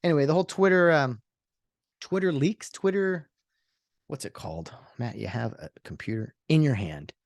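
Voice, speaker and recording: A man's voice: on the high side, animated, moderate pace, dry recording, studio quality. Rambling man hosting a solo podcast. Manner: rambling, with frequent fillers and sarcastic asides. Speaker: podcast host. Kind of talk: casual solo talk.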